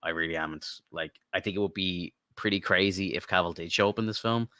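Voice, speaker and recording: Deep-voiced excitable podcast guy. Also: brisk, no echo, clean studio sound. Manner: excited, swearing, rambling fanboy talk. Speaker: podcast co-host. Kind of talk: casual chat.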